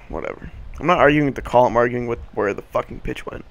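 A young man with a hoarse morning voice, hosting casual video game commentary, rambling with lots of fillers and the odd swear. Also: medium pitch, brisk. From Boston area. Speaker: gaming channel host.

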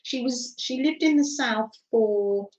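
A middle-aged woman hosting a craft live stream, chatting gently with viewers and laughing often. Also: fairly high pitch, takes it slowly, muffled recording. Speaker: craft livestream host. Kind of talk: casual live-stream chat.

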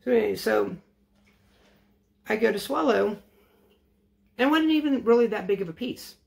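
Man, high voice, gravelly fry, casual storytime vlog, rambling, self-correcting, wry. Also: lively intonation, normal speed. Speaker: vlogger.

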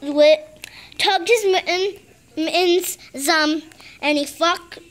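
A woman reading a picture book aloud slowly and haltingly, stumbling and restarting on words. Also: very high voice, a bit bright. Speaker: reader.

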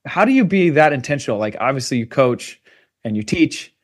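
A man's voice: mid-range voice, sing-song, fairly quick. Upbeat, chatty male podcast host. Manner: upbeat, chatty, laughs easily. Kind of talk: casual interview conversation.

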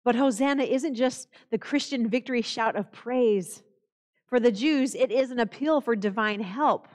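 A woman's voice: on the high side, big-room sound. Solemn woman pastor preaching. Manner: slow, solemn delivery with quoted scripture. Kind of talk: sermon. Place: church sanctuary.

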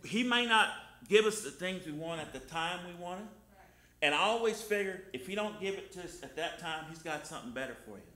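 A man's voice: high-pitched, lively intonation, a little fast, pushed and bright. A man preaching a sermon, telling folksy personal stories in plain, colloquial speech. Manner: folksy storytelling, colloquial grammar. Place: church sanctuary. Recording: echoey church room.

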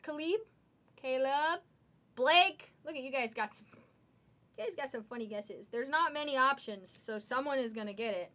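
A woman hosting a live trading card break, excitedly calling out each card as she pulls it. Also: high-pitched. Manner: excitable, calls out cards rapidly.

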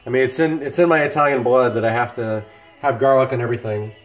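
A man's voice: mid-range voice, fairly even intonation, quick pace. A middle-aged man hosting a casual cooking livestream from his home kitchen, chatting and joking with viewers while he cooks. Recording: echoey kitchen with music playing. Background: music from laptop speakers, frying food.

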